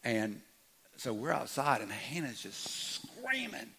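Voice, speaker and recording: Gravelly husky man preaching. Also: medium pitch, wildly swooping pitch, slow pace. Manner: earnest, drops to a hush then rises loud, stammers repeats. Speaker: pastor. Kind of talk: sermon.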